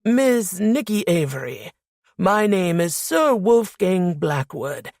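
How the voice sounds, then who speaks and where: A woman's voice: lowish voice, moderate pace, creaky, a little mellow, no echo, studio quality. A woman doing a cocky wisecracking security chief. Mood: mock grand. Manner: teasing, showy, puts on a mock English accent. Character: cocky joking young man, head of security.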